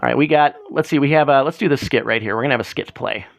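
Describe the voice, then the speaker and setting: A man's voice: medium pitch, fast, vocal fry, dry recording, clean studio sound. A man hosting a livestream in a rambling, profane, mock-ranting chat. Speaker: livestream host.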